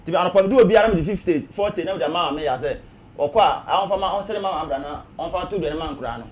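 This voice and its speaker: A man on a radio phone-in, telling a family money dispute, halting and full of repeated syllables and restarts. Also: on the high side, lively intonation, a little hiss or hum.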